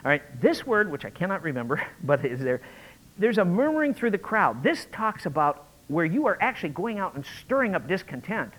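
A man preaching a conversational, animated sermon, acting out quotes as he goes. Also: high-pitched, a little fast, poor audio. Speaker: pastor.

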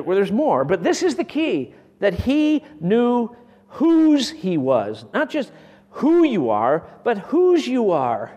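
A man preaching a sermon with great passion, swinging from loud bursts down to near whispers. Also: high voice, in a large hall.

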